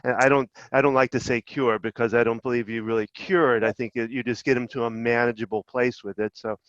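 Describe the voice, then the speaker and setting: A male podcast host asking questions in a soft-spoken, hesitant way. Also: medium pitch, fairly even intonation, quick pace, dry recording. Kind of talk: interview. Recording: dry, dull lo-fi audio.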